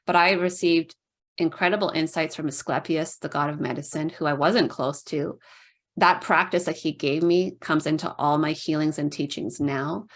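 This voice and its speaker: Chatty and casual, a middle-aged podcast guest tells stories in a deep, steady voice at normal speed. "Like" peppers her speech, and she does voices for the people she quotes.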